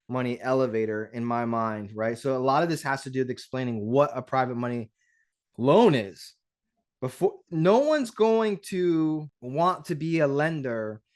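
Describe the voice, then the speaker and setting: A man with a voice pitched a little above the usual teaches on a livestream in a lively, chatty way. He acts out little conversations as he explains. He restarts his sentences often and keeps checking in with a quick "right?". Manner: animated, conversational, acts out dialogues; frequent restarts and rhetorical "right?". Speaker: real estate investing coach.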